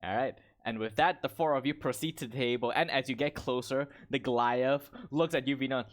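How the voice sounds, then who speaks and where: A man's voice: mid-range voice, fairly even intonation, a little fast, few pauses. Rambling male game master. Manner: casual, rambling, many fillers. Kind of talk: narrating a tabletop game.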